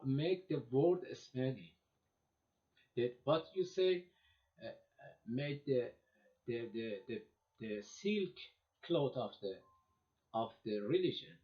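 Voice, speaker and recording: A male lecturer reads verse in quick bursts, then works it into English slowly, repeating and restarting words as he goes. His voice sits at a middle pitch. The recording is dull and muffled. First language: Persian. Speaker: lecturer on poetry. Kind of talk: lecture translating classical verse.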